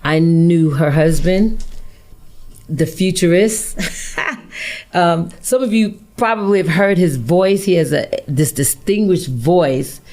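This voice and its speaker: A woman's voice: on the low side, takes it slowly, a little mellow, soft background music. A woman hosting a studio podcast, speaking in an affirming, casual way with plenty of "um" and "you know". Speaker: podcast host. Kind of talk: casual studio talk show.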